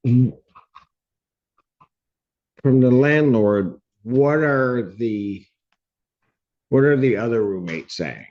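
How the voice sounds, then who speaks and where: A male judge questioning people in court, slow and firm, often cutting in. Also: medium pitch. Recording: dull courtroom audio.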